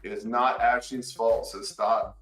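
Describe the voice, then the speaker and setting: A man guest on a podcast, casually recounting events and acting out quoted lines with sudden jumps in pitch. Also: measured pace, roomy sound, recorded from a distance, soft background music, poor audio. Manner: animated, acts out quotes with big pitch jumps. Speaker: podcast guest, former contestant. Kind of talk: casual storytelling.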